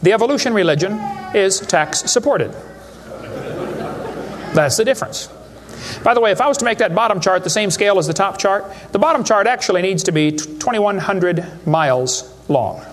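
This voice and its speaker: High-voiced man giving a folksy joking lecture. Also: lively intonation, moderate pace, slight background noise. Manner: folksy, joking, rhetorical questions. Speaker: creationist speaker addressing a live audience. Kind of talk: humorous lecture to a live audience. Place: hall with a live audience.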